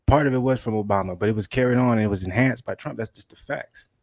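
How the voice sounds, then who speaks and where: A man co-hosting a podcast, chatting casually in a loose, profane, animated way. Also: mid-range voice, quick pace, no echo. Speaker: podcast co-host. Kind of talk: casual chat.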